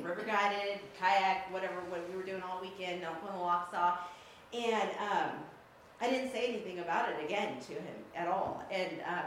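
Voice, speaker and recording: A woman telling a personal story to an audience, animated and laughing often, pausing for effect. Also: mid-range voice. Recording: echoey room, faint background noise.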